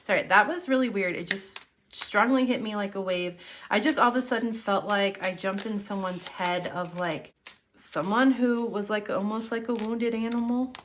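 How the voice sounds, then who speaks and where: Woman doing a tarot reading to camera, earnest and encouraging, middle pitch, some faint card shuffling. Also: moderate pace, slight background noise. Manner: earnest, encouraging, speaks straight to the viewer. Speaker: tarot reader.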